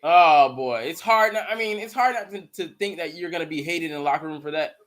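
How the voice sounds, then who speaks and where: Male host, high voice, profane live game commentary, excitable. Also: fairly quick. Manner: profane, excitable, bursts into mocking shouts. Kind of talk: live watch-party commentary.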